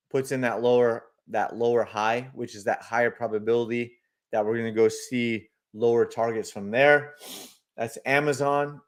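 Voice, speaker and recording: A man hosting a live market stream, speculating loosely about charts and answering viewers' comments with many fillers. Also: medium pitch. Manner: chatty, reads viewer comments aloud and answers them. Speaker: livestream market analyst host.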